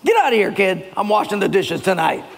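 A man's voice: very high voice, wildly swooping pitch, brisk, creaky, long reverb tail, a little hiss or hum, pitched above the performer's own voice, full character voice. A man acting out a sulky husband who grumbles sarcastically about chores. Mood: sarcastic huffy. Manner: sarcastic, huffy.

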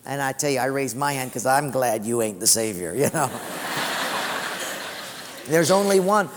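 Emphatic preacher in an echoing hall. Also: male voice, mid-range voice, expressive, fairly quick, background noise. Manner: emphatic, repeats phrases for stress. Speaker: pastor. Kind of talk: sermon. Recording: long hall reverb.

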